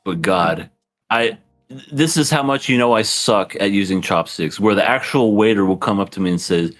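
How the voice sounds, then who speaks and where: A man co-hosting a podcast in casual chat, animated and laughing often as he acts out scenes. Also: fairly low pitch, normal speed, faint music behind. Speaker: podcast co-host.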